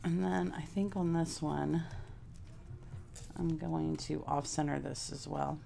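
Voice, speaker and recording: Lady crafting live, talks to chat, deep gravelly voice. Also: little pitch movement, takes it slowly, warm tone. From Houston, Texas. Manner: chatty, thinks aloud while working, answers chat. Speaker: craft vlogger.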